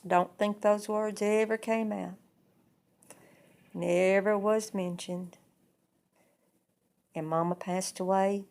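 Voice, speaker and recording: A woman's voice: mid-range voice, fairly even intonation, vocal fry, a little mellow. Woman telling a family story. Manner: plain, unhurried narration in short present-tense sentences. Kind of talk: oral storytelling.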